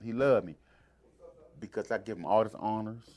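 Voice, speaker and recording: This lowish-voiced man from D.C. moves at a moderate pace through a lengthy, casual tale. Animated throughout, he imitates the voices of the characters he describes.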